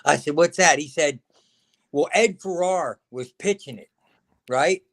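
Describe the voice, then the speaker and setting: This middle-aged ex-wrestler speaks at a measured pace in a fairly high voice, trading career anecdotes in a relaxed interview. He performs other people's lines as he goes, sprinkling in "man" and "brother" constantly.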